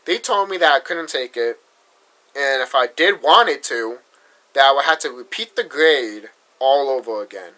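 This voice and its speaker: Forceful young man ranting bluntly. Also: medium pitch, expressive, poor audio. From Massachusetts. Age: young adult. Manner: blunt, profane, halting with restarts. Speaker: vlogger. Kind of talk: frustrated vlog rant.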